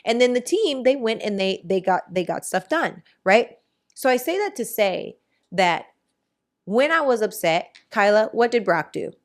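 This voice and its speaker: Woman, podcast host, casual chat, animated, rambling asides, mid-pitched. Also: a little slow.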